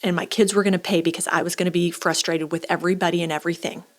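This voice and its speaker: A woman in her forties co-hosting a casual podcast conversation, an animated storyteller who acts out the people she quotes. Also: lowish voice, rapid-fire. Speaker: podcast co-host.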